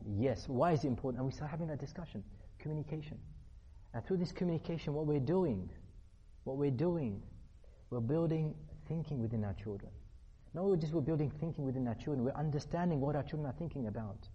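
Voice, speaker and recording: A man's voice: fairly high pitch, animated, a little fast, warm tone, husky. A middle-aged man giving an earnest religious lecture on parenting. He repeats points for emphasis and acts out everyday dialogue. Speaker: religious speaker.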